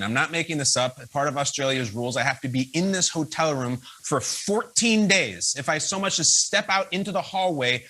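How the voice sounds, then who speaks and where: A man hosting from a quarantine hotel room, telling a story in an excitable, playful way. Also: a little high. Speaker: show host. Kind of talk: animated storytelling.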